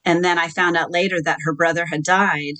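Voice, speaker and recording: A woman guest in an interview tells her own story in a low, measured voice. Her tone stays steady, pushed and bright, and she quotes dialogue and uses hesitant fillers as she recounts it. The audio quality is poor.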